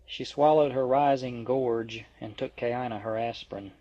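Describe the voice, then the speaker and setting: A man's voice: medium pitch, steady tone, moderate pace, mellow, dry recording. Man reading a novel aloud, dry lo-fi. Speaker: audiobook reader. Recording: dry, dull lo-fi.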